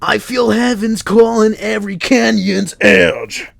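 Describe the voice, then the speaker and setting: A man voicing a male stranger who cries out to heaven in slow, drawn-out, pleading lines. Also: sits high, steady tone, gravelly, fairly bright tone, no echo, pitched above the performer's own voice, exaggerated voice. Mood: wistful.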